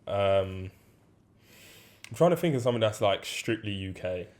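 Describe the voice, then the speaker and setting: Laid-back young London man, low voice. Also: animated, normal speed, a little mellow. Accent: London English. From London, England. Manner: laughs often, playful slang. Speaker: podcast guest. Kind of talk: casual chat.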